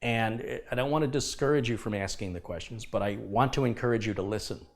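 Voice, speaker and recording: A man's voice: medium pitch, quick pace. A man hosting a live computer repair stream, talking casually but with passion and emphasis, lecturing his viewers. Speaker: livestream host. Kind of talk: casual livestream talk.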